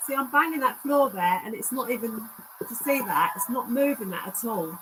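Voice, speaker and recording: A woman with a high, very lively voice coaxes in a sing-song way, as if calling a pet, while hosting a paranormal stream from her home. The home audio carries a clear layer of background noise. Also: normal speed. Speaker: paranormal vlog host. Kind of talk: coaxing livestream chat. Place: indoors at home, carpeted room.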